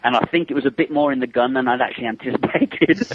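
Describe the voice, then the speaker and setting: An English man, a special effects makeup artist, telling lively anecdotes as a guest in a casual phone interview, acting out quotes and laughing often. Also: mid-range voice, fast talker, background noise. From England. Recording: tinny phone line, dry.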